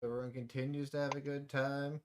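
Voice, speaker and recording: A man, the game master, casually signing off to the stream chat in a relaxed, friendly way. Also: mid-range voice, brisk, a little hiss or hum.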